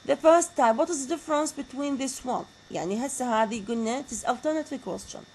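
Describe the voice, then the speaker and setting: A woman's voice: sits high, fast, darkish tone, slight background noise, rough recording. A woman with an Iraqi Arabic accent and Arabic as her first language, giving a university lecture and often asking the class questions and repeating key words. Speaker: teacher.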